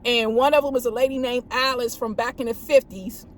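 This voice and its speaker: A woman with a high voice tells stories from her police work in a loose, casual way. She acts out radio calls and lifts her voice for them. She speaks from a parked car. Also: fairly even intonation, fairly quick, slight background noise. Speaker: police officer vlogger. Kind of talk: casual storytelling.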